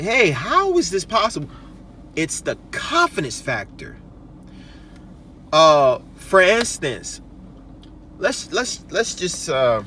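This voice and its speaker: A man's voice: on the high side, pushed and bright, distant mic, slight background noise. A male host giving casual advice, emphatic and repetitive, often checking in with "okay?" and "right?".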